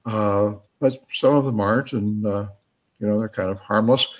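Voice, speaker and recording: A middle-aged man answering interview questions as an author, halting and chuckling, with many fillers and restarts. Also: lowish voice, steady tone. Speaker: author and guest.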